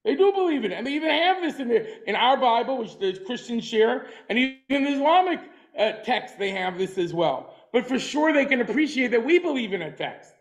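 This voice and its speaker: Male lecturer, very high pitch for a man, forceful and emphatic, repeats short lines for effect. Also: sing-song, fairly quick, few pauses, low-quality recording. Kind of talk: lecture on a class.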